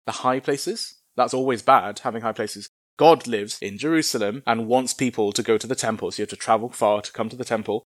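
A man's voice: mid-range voice, brisk, hardly any pauses, no room sound, clean studio sound. A man giving an informal Bible lesson in a chatty, humorous way with casual slang. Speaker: Bible teacher.

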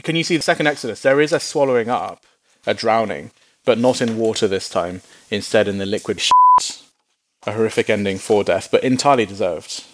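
A man preaching a Bible teaching sermon in a lively, humorous way, acting out little voices in quotes. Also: lowish voice, fairly quick, noisy background.

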